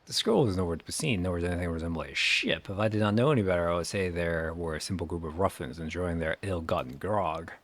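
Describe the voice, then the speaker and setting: Man reading earnest eastern ninja, formal and measured, slightly low voice. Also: fairly bright tone. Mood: dry.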